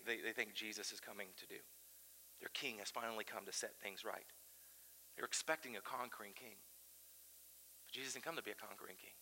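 A man preaching a sermon as pastor, animated and swinging between loud emphasis and quiet intensity. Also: lowish voice, creaky, long reverb tail, slight background noise, low-quality recording. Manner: animated preaching, chanting crowd shouts aloud.

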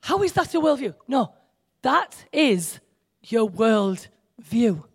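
With a fairly high, sing-song voice that has a breathy edge, a woman takes her time preaching at a church meeting. The sermon is informal and chatty, and she jokes with listeners, mocks herself, and addresses the audience head-on.

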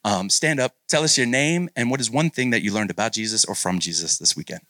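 Energetic male youth pastor, bright voice, encouraging hype man with a handheld mic. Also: on the low side, quick pace, no room sound. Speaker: guest pastor at a youth retreat. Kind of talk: sermon and leading audience sharing. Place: large meeting room with students. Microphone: handheld microphone.

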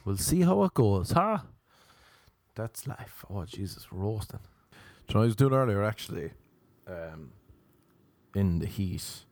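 A man's voice: on the low side, very animated, unhurried, pauses often, darkish tone. An Irish man and actor telling a rambling, self-deprecating story in a casual monologue. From Ireland.

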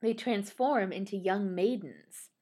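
A woman's voice: medium pitch, measured pace, warm tone. A woman in casual chat who reads a ballet synopsis aloud, often laughing and stumbling over unfamiliar names. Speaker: podcast co-host.

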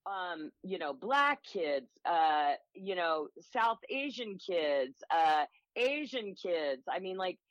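Woman acting coach, lower voice, enthusiastic and rapid. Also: very animated, no echo, highs cut off. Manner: enthusiastic, upbeat, rapid anecdotes. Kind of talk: interview conversation.

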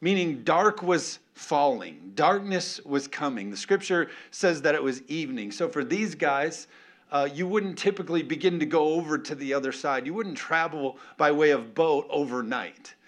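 A man preaching a sermon as a pastor, animated and playful, often calling out for an amen from the congregation. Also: a little high, moderate pace. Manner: animated, playful, calls for amens.

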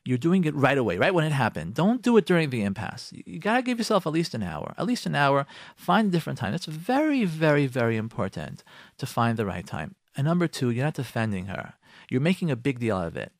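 A man, a rabbi on a radio talk show, giving marriage advice to husbands and acting out their imagined replies in quick asides. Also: medium pitch, very animated, no echo, studio quality. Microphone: close studio microphone.

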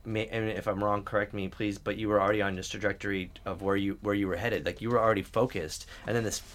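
A man's voice: lowish voice, steady tone, fast talker, fairly bright tone. A young adult man hosting a podcast, talking loosely with lots of fillers and swearing. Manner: rambling, heavy on fillers and swearing. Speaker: podcast host. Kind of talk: casual chat.

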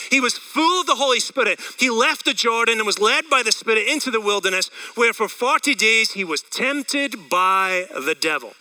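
A Scottish pastor preaching with energy and a chatty, questioning manner. His voice is high for a man and very bright. The mic picks him up from a little way off. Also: normal speed, hardly any pauses, far from the mic, low-quality recording. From Scotland. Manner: energetic, conversational, asks the room questions. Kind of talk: sermon.

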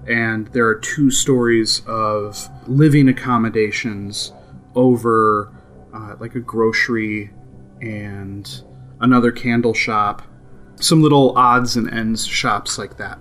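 A man running a tabletop game as game master, narrating in a relaxed, amused way with many fillers. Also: medium pitch, takes it slowly.

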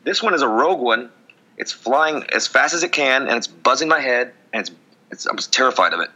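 Hoarse guy rambling and joking on a podcast, super bright voice, bouncy pitch. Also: animated, fairly quick. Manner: sarcastic, rambling, breaks into sung jingles. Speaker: podcast co-host. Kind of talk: casual joking chat.

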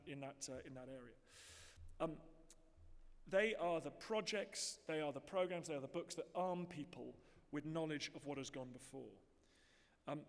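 A man with an English accent addresses a conference audience. His voice sits slightly high, and he speaks with earnest emphasis. His words carry a long reverb from the large hall. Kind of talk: public speech.

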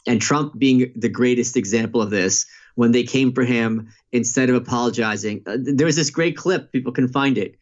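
A man's voice: mid-range voice, normal speed, few pauses. An author joins a conversation and tells political anecdotes with animation. His voice sits in a middle register, and the recording sounds muffled and lo-fi. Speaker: author and podcast guest. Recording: dull lo-fi sound.

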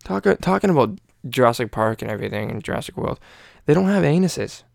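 A man's voice: medium pitch, big pitch swings, a little fast, vocal fry, a little mellow, no room sound. A young man hosting a casual podcast, rambling and swearing with lots of fillers. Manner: rambling, profane, many fillers. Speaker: podcast host.

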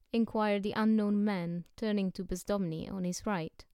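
Smooth-voiced woman narrating a novel. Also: medium pitch, normal speed, dry recording, studio quality. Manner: steady, even storytelling. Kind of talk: audiobook narration.

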